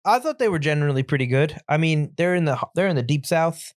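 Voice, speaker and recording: A man's voice: a little high, expressive, quick pace, dry recording, clean studio sound. A man co-hosting a podcast, chatting casually about a film in a rambling, easygoing way with self-deprecating humor. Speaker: podcast co-host. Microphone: studio mic.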